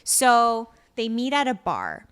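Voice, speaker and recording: A woman co-hosts a casual podcast, recapping a drama episode scene by scene. Her pitch swings widely as she slips into quoted lines from the characters. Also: huge pitch swings, slow pace, fairly bright tone, clean tone. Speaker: podcast co-host.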